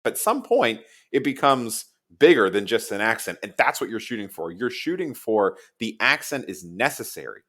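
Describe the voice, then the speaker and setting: A man co-hosting a podcast, giving frank, measured advice with examples. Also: medium pitch, sing-song, sharp tone. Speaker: podcast co-host and mock trial coach.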